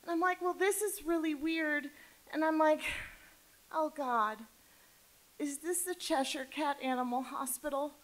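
A woman in her thirties telling a personal story on a theater stage, candid and emotional, dropping to a hush and rising loud by turns. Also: on the high side, rough recording. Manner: candid, swings between hushed and loud emotional delivery. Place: theater stage before an audience.

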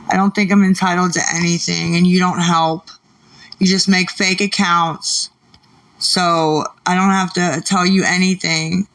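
Angry slow-talking woman streamer. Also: lowish voice, a bit bright, distant mic. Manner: irritated, swearing, arguing back at chat. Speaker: livestreamer. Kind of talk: late-night livestream talk with chat.

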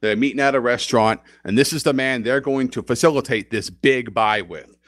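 A man's voice: medium pitch, brisk, a bit bright, no echo. A man co-hosting a podcast, recapping a TV episode in casual, rambling chat and laughing often. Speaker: podcast co-host.

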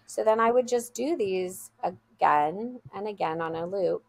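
A woman's voice: mid-range voice, a little slow, hardly any pauses, a little mellow, dry recording, muffled recording. A woman school leader, a guest on an interview show, telling a heartfelt story in an earnest, conversational way over a video call. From USA.

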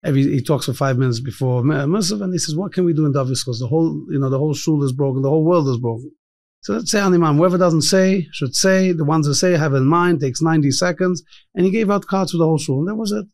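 A man from Montreal, a guest in an interview, telling how something began in an eager way, rushing through loose phrases. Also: fairly high pitch, darkish tone, no echo. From Montreal, Canada. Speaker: interview guest, bereaved father. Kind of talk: conversational storytelling.

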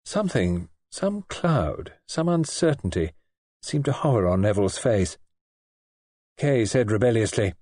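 A man narrating an audiobook in an expressive, measured storytelling manner. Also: lowish voice, breathy edge, no echo, clean studio sound.

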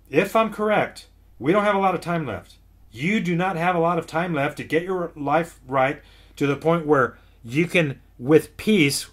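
A man's voice: medium pitch, a bit bright. A man preaching to an online audience as host of his ministry, urgent and insistent, repeating phrases and calling listeners "folks". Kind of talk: preaching to camera.

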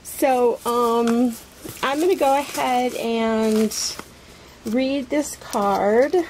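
A woman unboxing a package on her craft vlog, gushing with excitement and many fillers. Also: a little high, drawn-out words, a little hiss or hum, rough recording. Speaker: craft vlogger.

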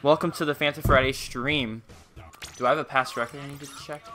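A man's voice: mid-range voice, steady tone, brisk, bright, forceful tone, soft background music. A young man streaming a game, chatting casually and playfully, greeting viewers by name. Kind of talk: casual live-stream chat while gaming.

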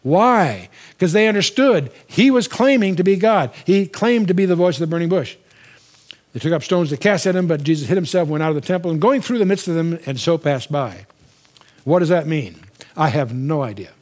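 An older man giving a Bible lecture in a conversational way, reading scripture slowly with emphasis and asking his listeners questions. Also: a little high, lively intonation, darkish tone. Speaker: Bible teacher.

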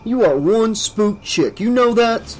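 A man's voice: sits high, very animated, unhurried, pitched above the performer's own voice. A cocky teenage boy, played by a male reader, snapping with brash bravado. His voice sits a little raised, over faint music in a horror audiobook. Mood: scoffing.

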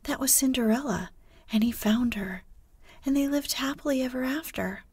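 Slow, hushed storybook girl, proper and spirited, read by a woman in a breathy near-whisper. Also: a little high, expressive, no room sound. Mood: eager. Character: Wendy, brave proper young girl.

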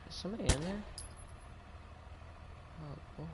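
A man's voice: high voice, lively intonation, normal speed. Male gamer, playful running commentary, heavy game noise behind. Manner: joking, talks to game characters. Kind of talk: casual gameplay commentary.

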